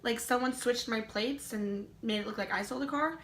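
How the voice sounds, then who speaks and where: A young woman chats through a personal story for her vlog, her voice sitting a little high. She leans on "like" and slips in laughing asides. The room around her sounds echoey. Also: fairly quick, fairly bright tone. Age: young adult. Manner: chatty, full of "like", laughing asides. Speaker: vlogger. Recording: roomy echo.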